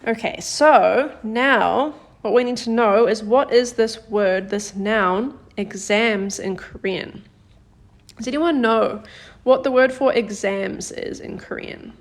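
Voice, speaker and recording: A woman teaches a live-streamed lesson in a slightly high, light voice. She is patient and encouraging, cheering on viewers by name, and slows right down whenever she models an example sentence. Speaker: Korean language teacher.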